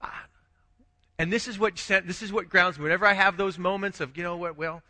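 A man's voice: high-pitched, steady tone, brisk, bright, forceful tone, in a large hall. A man preaching a conversational sermon as a pastor, asking rhetorical questions and restarting his phrases.

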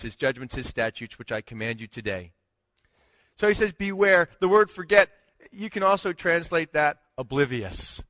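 A man's voice: fairly high pitch, a bit bright, dry recording, big-room sound. A man preaching a sermon in a conversational way, mixing scripture with a humorous story. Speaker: pastor.

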